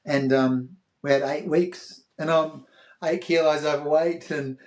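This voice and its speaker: An Australian man in his fifties, appearing as a podcast guest, tells an animated story and acts out other people's voices. He speaks at a measured pace with a fairly high pitch.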